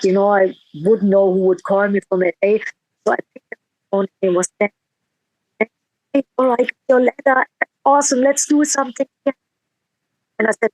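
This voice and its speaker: A woman's voice: mid-range voice, normal speed, long pauses, darkish tone, dry recording, poor audio. A woman musician in a casual interview, telling a heartfelt story with quoted dialogue and frequent restarts.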